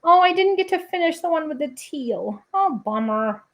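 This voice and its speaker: A woman's voice: high voice, lively intonation, normal speed. A woman hosting a casual crafting livestream, chatting to viewers with playful asides and humming little scat tunes while she works. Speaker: papercrafting livestream host.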